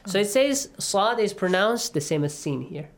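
A man's voice: high-pitched, animated. Patient man teaching recitation on radio. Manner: patient, quizzes students, models recitation slowly. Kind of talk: radio lesson on recitation rules.

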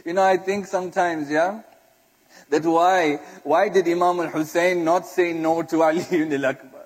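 A man's voice: fairly high pitch, steady tone, normal speed. A man giving an impassioned religious sermon, chanting lines in Arabic and speaking on the verge of tears as he addresses the audience. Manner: impassioned, breaks into chanted Arabic and near-sobbing. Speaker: speaker recounting a martyrdom narrative. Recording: long hall reverb.

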